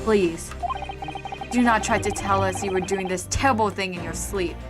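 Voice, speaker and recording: A woman's voice: mid-range voice, normal speed, natural voice. A woman voicing an earnest young female assistant from a courtroom game, reading her accusations tensely. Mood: accusing. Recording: streamed voice over loud game music.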